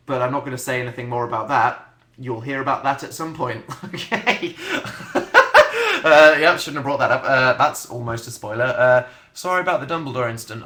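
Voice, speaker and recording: A young man chats casually on a livestream, answering viewers with dry, self-mocking humour. His voice sounds bright and a little tense. The room rings with a noticeable echo. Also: medium pitch. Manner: chatty, dry and self-mocking, hums to himself. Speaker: livestream host. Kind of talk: casual livestream chat reading viewer comments.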